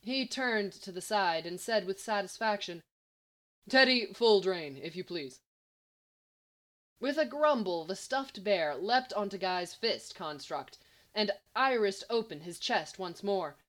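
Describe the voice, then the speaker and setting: Brief: a woman reading fiction aloud, measured and even. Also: medium pitch. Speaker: story reader. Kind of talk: read-aloud fan fiction narration.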